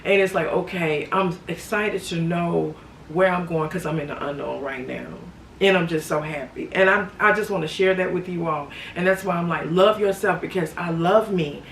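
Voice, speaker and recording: A woman's voice: on the low side, normal speed. A woman talking casually to her viewers in a vlog, chatty and laughing often, calling them honey and sweetie. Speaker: vlogger. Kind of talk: casual reflective vlog talk. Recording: roomy echo, distant from mic, faint background noise.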